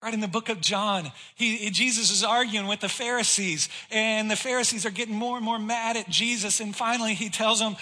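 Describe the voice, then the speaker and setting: A man preaching a sermon, telling stories with sudden swings between loud emphasis and hushed lines. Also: high-pitched, brisk, few pauses. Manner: animated storytelling with sudden loud and hushed turns. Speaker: pastor.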